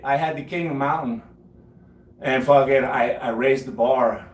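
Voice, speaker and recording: A man's voice: mid-range voice, measured pace, recorded from a distance. A man in his late forties boasting casually about his cycling, swearing freely and laughing at his own stories. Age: 40s. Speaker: home gym streamer. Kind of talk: casual storytelling chat. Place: home gym. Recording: echoey room, from the mic, faint noise.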